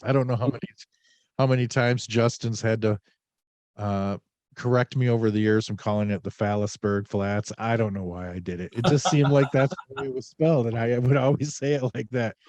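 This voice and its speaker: A man's voice: medium pitch, fairly even intonation, a little fast, darkish tone, no echo. A man hosting a podcast in casual chat, a little under the weather, rambling and joking with many fillers. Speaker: podcast host.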